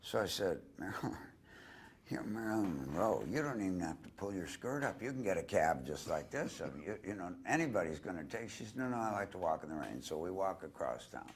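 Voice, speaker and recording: A man's voice: low voice, expressive, fairly quick, slight background noise. An older man, an interview guest, telling a long personal story and doing voices for the people he quotes. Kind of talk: anecdotal storytelling.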